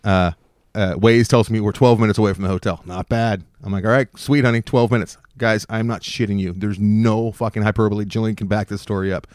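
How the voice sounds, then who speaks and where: A middle-aged man spins a rambling, swear-laced story at a rapid clip, slipping into quick impressions of the people in it. His voice sits at an ordinary pitch and is recorded close and dry, with no room sound. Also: fairly even intonation, darkish tone, no echo. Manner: rambling anecdote with profanity and acted-out dialogue. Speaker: podcast co-host. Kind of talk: casual storytelling chat.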